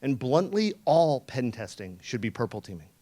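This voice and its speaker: Speaking at a moderate pace in a mellow, mid-range voice, a very animated man delivers a conference talk in a conference room. His story is sarcastic and profane, with the quoted lines performed aloud.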